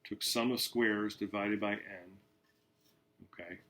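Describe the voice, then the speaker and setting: A male university lecturer explaining statistics in a casual classroom lecture, repeating key points slowly and checking in with "okay?". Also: lowish voice, fairly even intonation, sharp tone.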